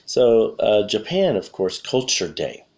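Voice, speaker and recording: Low-voiced man, slightly hoarse. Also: very animated, slow pace, a little mellow. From USA. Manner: rambling, often correcting himself mid-sentence. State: losing his voice, clearing throat. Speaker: English teacher. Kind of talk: casual spoken lesson for learners.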